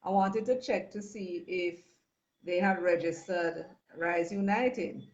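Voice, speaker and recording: A woman's voice: fairly low pitch, slow. A woman with a Jamaican accent, a guest explaining things in a hesitant way, with many fillers and restarts. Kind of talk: phone-in discussion. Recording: dull lo-fi line.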